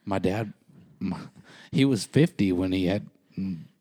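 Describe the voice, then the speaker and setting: Laid-back guy on a podcast, slow talker, dry close sound. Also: low-pitched, warm tone, no room sound. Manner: easygoing, asks questions, laughs. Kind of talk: casual chat.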